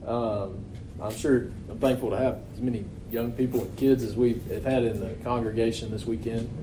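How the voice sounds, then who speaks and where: A man's voice: mid-range voice, fairly even intonation, normal speed, noisy background. A man preaching a sermon in a loose, conversational way, often asking rhetorical questions. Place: church meeting hall. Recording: echoey hall recording.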